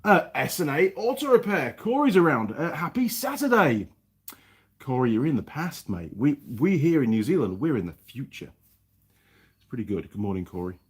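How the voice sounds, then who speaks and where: A man's voice: mid-range voice, normal speed, breathy edge. A man hosting a casual live stream from his home workshop, chatting away and greeting viewers by name. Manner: chatty, reads viewer names aloud with lively greetings. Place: home workshop in New Zealand.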